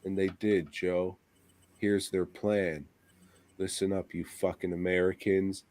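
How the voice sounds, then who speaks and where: A man's voice: deep voice, level tone, slow pace, darkish tone. A man co-hosting a podcast, ranting crudely and swearing constantly in casual chat. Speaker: podcast co-host.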